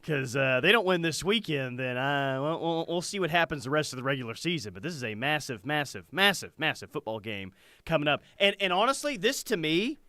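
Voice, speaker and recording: A man co-hosting a casual sports talk show, animated and chatty, reading listener comments aloud. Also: a little high, fairly quick, no room sound, clean studio sound. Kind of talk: casual sports radio chat.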